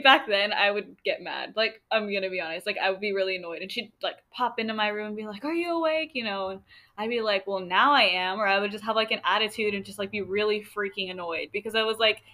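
A woman's voice: medium pitch, bright, forceful tone. A young woman hosting a solo podcast, talking in a chatty, rambling way with lots of fillers and light laughter. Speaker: podcast host. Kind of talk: casual solo podcast talk.

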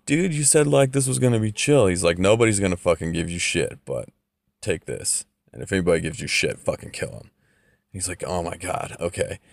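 A man's voice: deep voice, gravelly, no echo. A man casually recapping a story, loose and profane, with lots of fillers.

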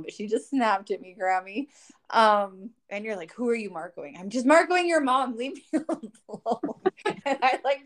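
A woman telling a travel story to her mother in casual chat, quoting others and laughing often. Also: medium pitch. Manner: animated, quotes others in acted voices, laughs often. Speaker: co-host, daughter.

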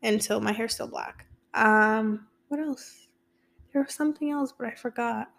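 A young woman with a slightly high voice talks through her week on her own podcast. She is chatty and candid, and swears casually as she goes. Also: unhurried, gravelly, a bit bright. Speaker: podcast host. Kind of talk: casual solo podcast chat.

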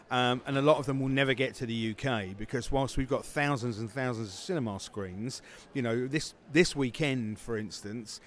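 A man who founded a film festival, answering interview questions casually with many fillers and restarts. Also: mid-range voice.

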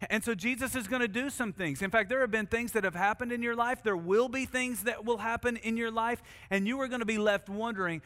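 A man preaching a sermon as pastor, earnest and emphatic, drawing out key words slowly for stress. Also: extremely high pitch, pushed and bright. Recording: long hall reverb.

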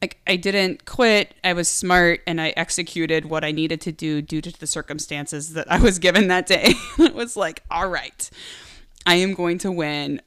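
A pro gravel cyclist in her thirties is a guest on a podcast, telling race stories in a casual interview. She's bubbly, laughs often, and acts out what people said. Her voice is on the low side with a fairly bright, clean tone, moving at normal speed with hardly any pauses, recorded cleanly in a studio with no echo.

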